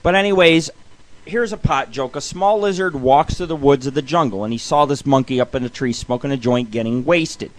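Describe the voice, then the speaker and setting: A man's voice: medium pitch, brisk, no echo. Man, middle-aged, radio host, casual joking monologue, swears freely, dry recording. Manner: loose, joking, swearing, reads lists and jokes aloud.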